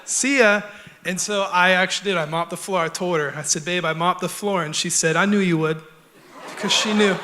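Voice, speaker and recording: A young man preaches in a church, his voice sitting high and ringing bright. He talks earnestly and conversationally, often dropping to soft, close tones. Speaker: pastor. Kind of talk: sermon. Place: church auditorium.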